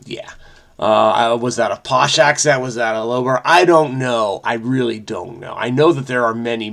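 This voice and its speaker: A man's voice: mid-range voice, creaky, fairly bright tone. A man hosting a crossword video, chatting in a frenetic, rambling way and often interrupting himself. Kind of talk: casual solo commentary.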